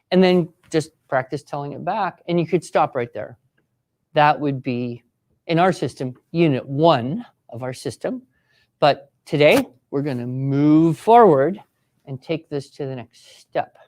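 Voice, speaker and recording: Writing teacher, live workshop, encouraging, step-by-step directions, unhurried delivery. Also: medium pitch, lively intonation, a little mellow. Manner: acts out sample voices for students.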